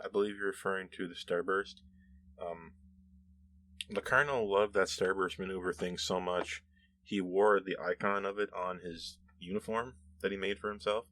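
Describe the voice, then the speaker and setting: A man's voice: low voice, a bit bright, a little hiss or hum. A man hosting a show, casually reading and answering viewer comments in a rambling, self-correcting way with frequent laughs.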